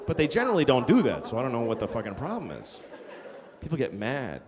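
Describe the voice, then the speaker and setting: Ranting profane stand-up comedian, lively pitch. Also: male voice, quick pace. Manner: profane, ranting, shouts put-on voices. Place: comedy stage before a live audience. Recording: live hall with long reverb, faint crowd.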